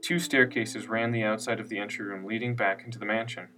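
A man narrating a scripted story in a steady, unhurried reading voice. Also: fairly low pitch. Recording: distant mic with faint music.

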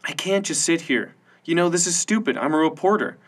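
A man's voice: on the high side, a little fast, voice pushed up, close to an everyday voice. A man voicing a stubborn, restless young woman reporter who talks in a tense, clipped way.

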